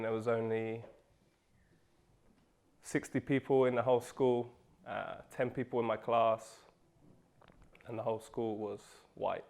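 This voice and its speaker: A young man from England speaking in an interview, measured and thoughtful, pausing often as he recalls school years. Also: medium pitch, vocal fry. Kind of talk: reflective interview.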